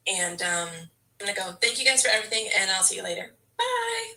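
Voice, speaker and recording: Woman fan venting to camera, sharp bright voice, kinda far from the mic, keeps restarting sentences. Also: medium pitch, rapid-fire, vocal fry. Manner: frustrated, exasperated, stammering restarts. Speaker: football fan vlogger. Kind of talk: emotional fan rant to camera.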